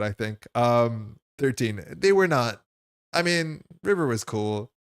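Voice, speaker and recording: A man's voice: mid-range voice, animated, slow pace, clean tone. A man playing a card game on stream, thinking aloud as he explains the rules and his choices in a casual way.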